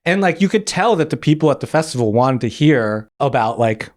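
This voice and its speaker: Man, podcast guest, lively rising and falling pitch, acts out quotes, casual storytelling. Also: fairly quick. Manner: animated, acts out quotes, many filler likes. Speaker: guest animator.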